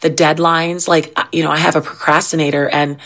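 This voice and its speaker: A woman's voice: low-pitched, level tone, a little fast, a bit bright. Chatty woman guest on a talk show. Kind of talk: casual chat.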